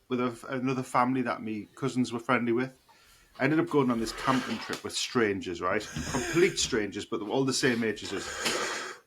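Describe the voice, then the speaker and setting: A man co-hosting a podcast, telling a rambling story in casual chat and swearing freely. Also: medium pitch. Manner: animated, swearing, laughing storyteller. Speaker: podcast co-host. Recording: noisy podcast recording.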